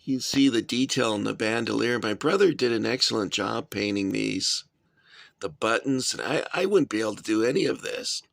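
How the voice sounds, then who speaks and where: A man reviewing his toy soldier collection in a casual, chatty way, often pausing with "uh" and adding dry asides. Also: on the low side, gravelly, a bit bright, no echo. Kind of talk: casual show-and-tell review.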